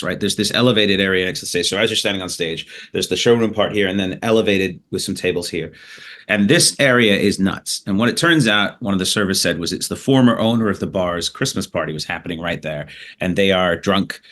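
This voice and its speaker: Canadian comedian guy, bright tense voice, swears a lot, tells stories fast and loose. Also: deep voice. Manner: animated anecdote-telling with profanity and laughter. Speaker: comedian guest. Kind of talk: storytelling in a podcast interview.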